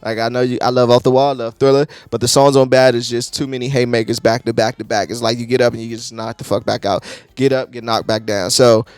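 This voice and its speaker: A young man reviewing music in a casual, excitable, slangy, rambling way. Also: mid-range voice, fast, clear, resonant tone, dry recording.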